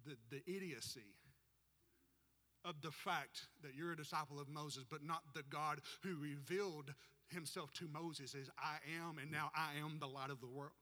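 A man preaching to his church in a high, ringing voice that cuts sharply through the room. He talks in an animated way and climbs to shouts to rouse the congregation. The sound carries a long hall reverb. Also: normal speed. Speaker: pastor. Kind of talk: sermon. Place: church sanctuary.

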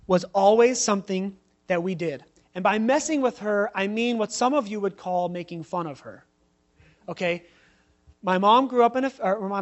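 A man in his thirties preaching a sermon in a conversational way, telling personal stories with frequent asides. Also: high-pitched. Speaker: pastor.

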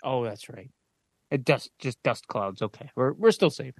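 A man's voice: medium pitch, expressive, moderate pace, no room sound. Jokey man on a comedy podcast. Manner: jokey, playful. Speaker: podcast co-host. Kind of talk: casual chat.

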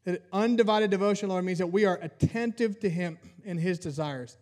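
A man's voice: sits high, fairly quick, a little mellow. A man preaching a sermon as pastor, mixing humorous family stories with teaching and acting out bits of dialogue.

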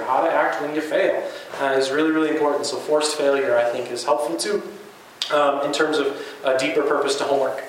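A man's voice: medium pitch, slight background noise. A man who teaches and coaches basketball, giving an earnest, conversational talk to fellow educators with plenty of fillers and restarts. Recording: very echoey room with faint ambience.

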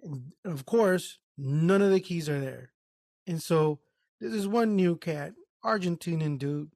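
Slightly high and gravelly, this man's voice moves at a measured pace as he co-hosts a casual podcast, retelling a work story with profanity and quoted voices. It's studio quality, with no echo.

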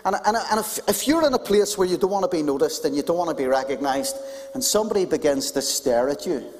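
A man's voice: a little high, darkish tone. A man preaching a sermon to a congregation, stressing his points by repeating key phrases. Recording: long reverb in a large hall.

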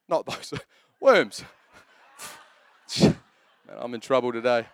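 A man's voice: mid-range voice, very animated, takes it slowly, pauses often, no room sound. A man in his thirties preaching a sermon as pastor, telling jokey stories in a chatty way. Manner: chatty, joking storyteller.

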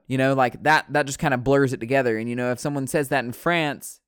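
A man's voice: mid-range voice, steady tone, fast, fairly bright tone, clean tone, no echo, studio quality. A man from the United States chatting in a rambling, profane way, correcting himself as he goes. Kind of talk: casual rambling chat.

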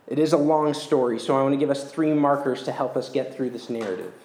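A man preaching a sermon as pastor, earnest and measured, slowing down to stress key words. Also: mid-range voice, a little mellow. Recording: echoey church room.

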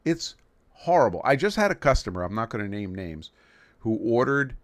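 A man's voice: medium pitch, sing-song, normal speed, no echo. A man from New York City hosting a live stream in casual chat, rambling and joking with frequent restarts. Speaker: livestream host.

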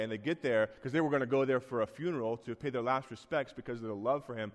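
Long hall reverb surrounds a man delivering a church sermon as pastor. He talks fast at a medium pitch with hardly any pauses, earnest and conversational, punctuated by sudden rising bursts of emphasis.

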